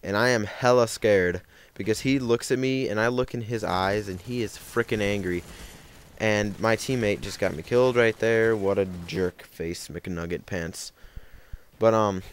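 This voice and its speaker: A young man with a somewhat low, smooth voice tells a rambling story while playing a game. He keeps stopping to correct himself and leans on fillers. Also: unhurried. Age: young adult. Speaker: gaming commentator. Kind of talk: casual storytelling over gameplay.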